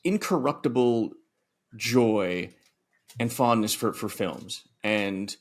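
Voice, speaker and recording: A man's voice: on the low side, animated, slow. A man co-hosting a film podcast, speaking thoughtfully and reflectively in casual discussion. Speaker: podcast co-host.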